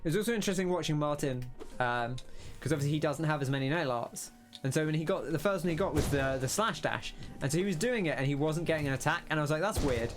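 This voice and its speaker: A young man talks through his gameplay in a loose, musing way, often stopping to rethink. His voice sits a bit high for a man. Soft game music plays faintly underneath. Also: expressive, fast talker, few pauses. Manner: musing, rambling, self-interrupting. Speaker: let's play host. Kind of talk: casual gameplay commentary.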